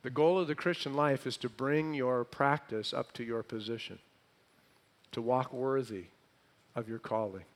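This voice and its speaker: A man preaching a sermon, quizzing the congregation with questions and swinging between loud emphatic phrases and hushed lines. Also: mid-range voice, normal speed.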